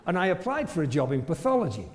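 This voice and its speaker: A man's voice: on the high side, wildly swooping pitch, fast talker. A man, a retired family doctor telling self-deprecating, humorous stories to an audience. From northern England. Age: 70s. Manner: self-deprecating, storytelling, chuckles often. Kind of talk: humorous anecdotal speech to an audience. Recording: long reverb from a hall.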